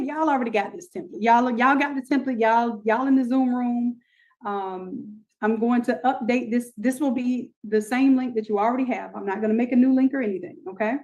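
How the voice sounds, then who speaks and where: A woman with a fairly high voice hosts a live online design class, pitching deals and repeating herself as she talks straight to viewers. Her energy stays up throughout. The audio is dull and lo-fi, like a computer mic on a stream. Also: a little mellow.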